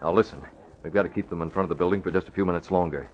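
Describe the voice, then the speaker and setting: A man voices a masked vigilante who gives calm, urgent orders. His voice sits fairly low. The sound is muffled like an old radio broadcast. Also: very fast, lightly acted. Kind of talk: 1940s radio acting. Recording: dull lo-fi old radio recording.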